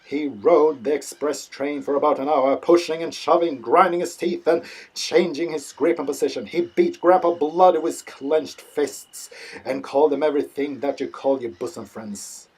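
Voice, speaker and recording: A man narrating a literary audiobook in a dry, deadpan way. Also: fairly high pitch, normal speed, husky.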